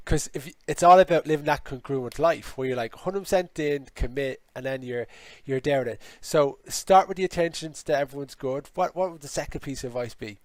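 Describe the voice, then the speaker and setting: A man's voice: a little high, brisk, hardly any pauses, no room sound. A man hosting a podcast interview who asks long questions and eagerly agrees with his guest. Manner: eager, affirming. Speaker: podcast host.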